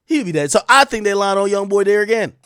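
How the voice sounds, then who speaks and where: Male streamer, mocking rant, bright and tense voice, very lively delivery. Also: high-pitched, fast talker, clear, resonant tone, no echo, clean studio sound. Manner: sarcastic, mocking, swings between loud outbursts and muttered asides. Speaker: streamer and commentator. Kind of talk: animated live-stream commentary.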